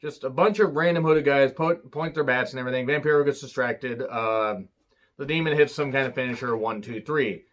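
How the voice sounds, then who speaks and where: A man's voice: mid-range voice, fairly quick, a bit bright. A man giving a casual, sarcastic recap of a wrestling show, swearing freely and trailing into fillers. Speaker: wrestling reviewer.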